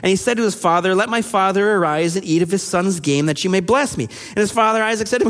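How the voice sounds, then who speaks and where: A man preaching a sermon, reading scripture aloud and explaining it in an animated way, acting out the quoted voices. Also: high voice, fast talker, hardly any pauses. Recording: long hall reverb.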